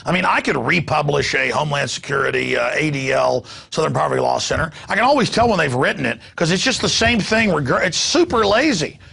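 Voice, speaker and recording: Gravelly, husky ranting male talk host. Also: fairly high pitch, lively intonation, a little fast, hardly any pauses, sharp tone. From United States. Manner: ranting, sarcastic, mocking asides. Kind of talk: talk radio rant.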